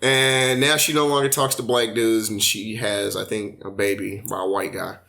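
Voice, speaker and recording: A young man with a bright, forward voice tells a long story in loose, slangy talk. He is animated and drops curse words casually while chatting with friends on a podcast. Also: on the low side, normal speed, creaky. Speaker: podcast host. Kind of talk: casual chat.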